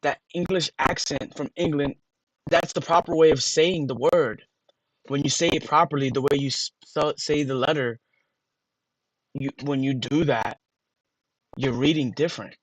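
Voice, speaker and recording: American man, livestream chatter, spells words out slowly, swears casually, dry close sound. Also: a little high, steady tone, no echo, low-quality recording. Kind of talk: casual rambling stream talk.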